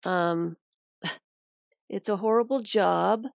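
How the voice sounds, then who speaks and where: A woman's voice: medium pitch, drawn-out words, creaky, no echo, studio quality. A woman on a live stream, showing a craft and thinking aloud as she works.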